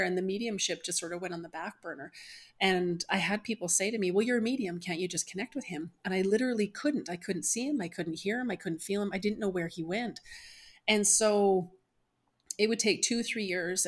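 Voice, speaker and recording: A middle-aged woman, a spiritual medium, earnestly and emotionally telling a personal story as a podcast guest. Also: mid-range voice. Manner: earnest, emotional retelling with quoted voices.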